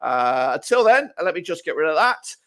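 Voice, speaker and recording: Guy hosting a live footy fan stream, chatty and upbeat, bit high voice, dead dry room. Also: very animated, normal speed, fairly bright tone, dry recording. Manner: casual, chatty, upbeat sign-offs. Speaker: fan channel host.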